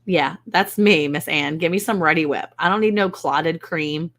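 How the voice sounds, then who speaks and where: Low gravelly-voiced woman, chatty. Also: normal speed, a bit bright. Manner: chatty, wry, self-mocking. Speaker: host of a live ranch stream. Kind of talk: casual live-stream chat reading comments. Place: indoors at home.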